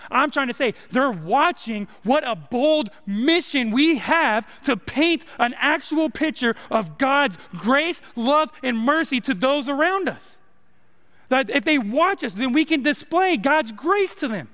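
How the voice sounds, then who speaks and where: Young male preacher, smooth and high, in a reverberant church hall. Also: expressive, unhurried, fairly bright tone. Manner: casual, joking preaching with many likes and rights. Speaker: college minister. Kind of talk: sermon. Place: church sanctuary.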